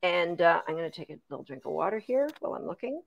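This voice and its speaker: A woman's voice: fairly low pitch, big pitch swings, fast, creaky, dull audio. A woman, a dog trainer, chatting through a live Q&A, explaining training steps and thanking viewers by name. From Canada. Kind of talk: live-stream Q&A.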